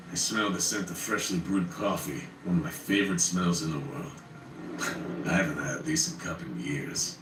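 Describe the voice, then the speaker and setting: A man narrating a first-person horror story in a wry, conversational way. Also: deep voice. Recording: roomy, distant, faint noise.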